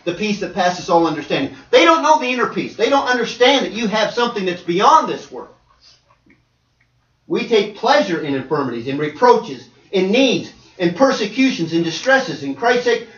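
A man's voice: high voice, very animated, normal speed, long pauses, fairly bright tone. A man preaching a sermon to a congregation. He reads scripture aloud and raises his voice to press his points. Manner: raises voice, reads scripture, acts out quoted people. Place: church hall. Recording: roomy, distant, dull church audio.

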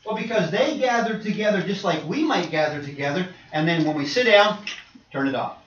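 Animated preacher man in a roomy hall. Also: sits high, a little fast. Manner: animated, swings from quiet asides to loud emphatic points. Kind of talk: sermon. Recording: roomy, distant and dull with faint noise.

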